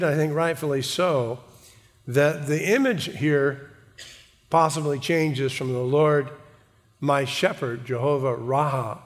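Man preaching a sermon, earnest, stumbles and repeats words, big echoey hall. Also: medium pitch. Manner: earnest, repeats words, asks congregation "amen?". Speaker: pastor. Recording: long hall reverb.

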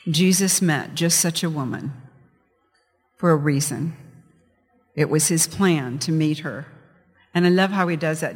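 Brief: male pastor, bit high-voiced, lively storyteller, long room reverb. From California. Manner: chatty, storytelling, animated. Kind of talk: sermon with a joke opener.

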